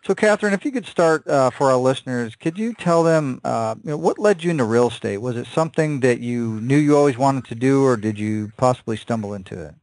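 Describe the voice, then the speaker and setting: A man's voice: mid-range voice, animated, a little fast, few pauses, darkish tone, rough recording. A man from upstate New York hosting a radio interview, asking questions in a friendly way with many fillers and restarts. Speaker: radio show host.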